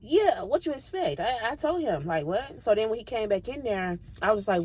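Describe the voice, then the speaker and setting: A woman vlogger telling a casual storytime, slangy and profane, talking straight to her viewers and jumping between low mutters and high squeals. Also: very animated, fairly quick, a little mellow, slightly rough.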